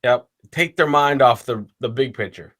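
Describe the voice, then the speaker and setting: A man's voice: medium pitch, moderate pace, a bit bright. American guy cracking blunt jokes while reacting, swears a bit, middle voice. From United States. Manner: blunt, jokey, swears casually. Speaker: reaction show co-host. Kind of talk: casual reaction chat.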